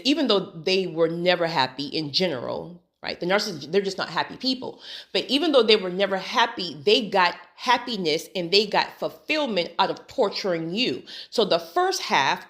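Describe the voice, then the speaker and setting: Woman with a black way of talking, preachy chat to her followers, voice swings up and down a lot. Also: fairly low pitch. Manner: animated, preachy, laughs often, says "honey" and "right?". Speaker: spiritual talk host. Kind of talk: casual faith-based monologue.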